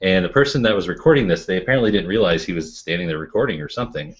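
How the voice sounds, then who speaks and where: A Canadian man hosting a round-table chat over a video call, laid-back and quick to laugh. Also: low-pitched, animated. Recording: dull lo-fi call audio.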